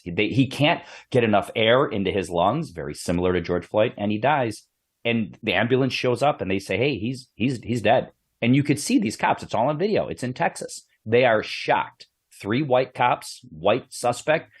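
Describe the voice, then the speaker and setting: A man hosting a policing podcast, telling a story in an animated way and often repeating his words. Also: lowish voice, slightly rough. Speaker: podcast host, police background. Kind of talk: podcast interview, conversational.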